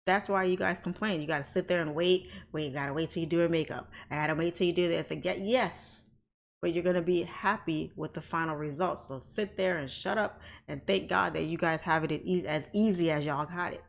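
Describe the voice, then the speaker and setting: A woman with a lowish voice hosts a casual livestream, blunt and outspoken as she talks to her chat. She laughs often and talks straight to her viewers from off camera. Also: fairly quick, creaky. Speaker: livestream host, trading educator. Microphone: off camera, desk mic.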